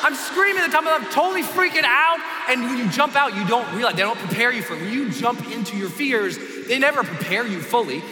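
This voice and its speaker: A man giving a motivational speech on stage, telling a story with animated shouting and bursts of screaming, in an echoey hall. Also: very high voice, fast, few pauses, background noise. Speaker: motivational speaker.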